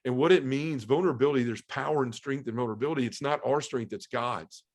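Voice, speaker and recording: A middle-aged man talking fast at a medium pitch gives a heartfelt, earnest personal testimony as a podcast guest, restarting his sentences as he goes.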